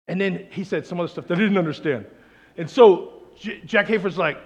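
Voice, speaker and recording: A man preaching a sermon, telling stories and acting out the people in them with lively quoted voices. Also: sits high, a little fast, husky, big-room sound. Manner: animated, acts out quoted people. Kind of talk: sermon storytelling.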